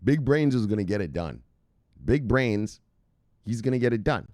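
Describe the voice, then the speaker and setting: A man's voice: on the low side, lively intonation, moderate pace, mellow, no echo, clean studio sound. A man hosting casual crypto news commentary, reading headlines aloud and rambling off into laughing, profane asides.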